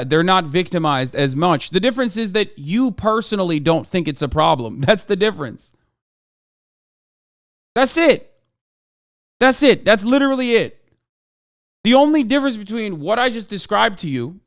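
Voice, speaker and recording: A man's voice: high voice, big pitch swings, normal speed, no echo, clean studio sound. A man streaming a reaction, arguing heatedly with chat in blunt, profane language. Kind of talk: live-stream reaction rant.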